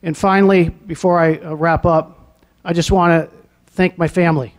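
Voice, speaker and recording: A middle-aged New Englander who has just been named athletic director gives an earnest press conference speech in an arena lobby, repeating words for emphasis and getting emotional at times. His voice is a little high, with a steady tone and a moderate pace.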